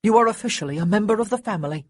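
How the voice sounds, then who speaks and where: A woman's voice: mid-range voice, animated, very fast, no room sound, voice pushed up, lightly acted. A woman voicing a wry teenage boy in an audiobook, with a dry, teasing manner.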